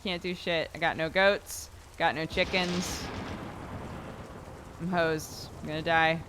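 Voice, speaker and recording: A woman's voice: low-pitched, fairly even intonation, slow, noisy background. A woman streaming a video game, talking casually and swearing often in exasperated outbursts. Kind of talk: casual gameplay commentary. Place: home streaming setup.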